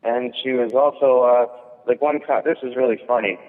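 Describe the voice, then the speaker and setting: A man's voice: mid-range voice, fairly even intonation, moderate pace. Male comedian, rambling anecdote, lots of fillers, tinny phone-like sound, echoey. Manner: rambling, storytelling, frequent fillers and restarts. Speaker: guest comedian. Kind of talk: casual chat. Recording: thin phone-like sound with long echo.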